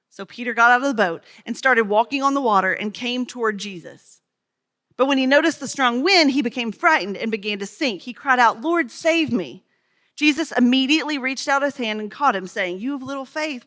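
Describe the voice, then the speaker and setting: Woman, pastor, conversational sermon, bright tone. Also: a little high. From Smoky Mountains, USA. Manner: storytelling, conversational, talks with children.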